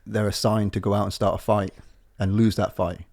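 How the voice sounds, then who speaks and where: A man's voice: on the low side, flat delivery, brisk, darkish tone. A man co-hosting a podcast, rambling from tangent to tangent in casual, sweary chat. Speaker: podcast co-host.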